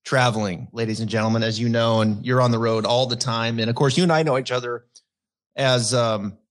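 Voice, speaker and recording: A man's voice: medium pitch, steady tone. A man hosting a golf podcast, asking a guest questions in a chatty, encouraging way. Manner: chatty, encouraging, quick to laugh. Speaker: podcast host. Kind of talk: casual interview.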